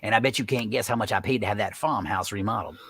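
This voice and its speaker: A man playing a blustering gravelly old judge. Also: lowish voice, fast, dry recording. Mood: boastful. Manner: loud, bossy, drawling country talk. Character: blustering folksy rich older male judge. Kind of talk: live script reading.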